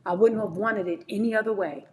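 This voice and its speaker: A woman's voice: medium pitch, brisk, dark tone, a little hiss or hum. A woman in her forties, hosting a livestream, chatting candidly with viewers while she prepares fruit. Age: 40s. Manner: chatty and candid, often calls viewers "y'all". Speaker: livestream host.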